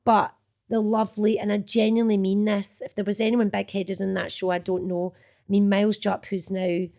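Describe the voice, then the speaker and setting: A woman's voice: mid-range voice, flat delivery, normal speed, creaky, dark tone. A middle-aged woman with a Scottish accent, an actress chatting casually about her old work and laughing and swearing as she goes. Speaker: actress guest. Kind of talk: casual reminiscing chat.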